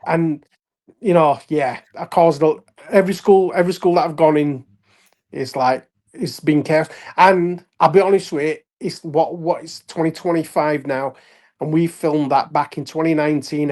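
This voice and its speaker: A man from Leeds with a Yorkshire accent, a wrestler and actor telling animated anecdotes with laughs in a casual interview. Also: on the high side. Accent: Yorkshire English. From Leeds, England. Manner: animated anecdotes with frequent laughs and acted-out quotes. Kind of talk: casual storytelling chat.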